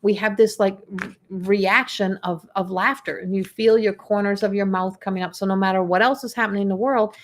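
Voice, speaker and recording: A woman's voice: mid-range voice, steady tone, fairly quick. A middle-aged woman, giving a live astrology reading in a chatty way, often repeating herself and acting out inner voices. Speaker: astrology reader.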